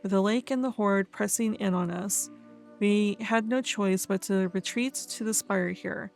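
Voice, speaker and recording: A woman's voice: mid-range voice, a little slow, gravelly, soft background music. A woman casually commenting on a game, reading quest text aloud, laughing and stumbling over fantasy names. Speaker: let's play host.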